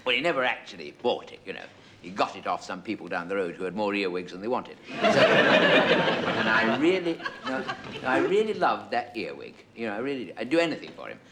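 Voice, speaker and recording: A man's voice: lowish voice, huge pitch swings, a little fast. A man with an English accent telling a rambling comic monologue to a studio audience, digressing and chuckling as he goes. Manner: digressive, self-interrupting, chuckling. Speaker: comedian. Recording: loud background hiss, live audience laughter.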